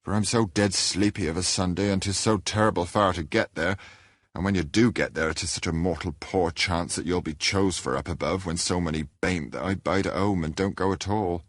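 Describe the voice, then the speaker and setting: Guy playing a drowsy young farmhand, deep and flat, dry. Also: normal speed, no room sound. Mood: weary. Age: young adult. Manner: drowsy, plain-spoken. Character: sleepy, solemn young rustic furze-cutter. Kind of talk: audiobook character reading.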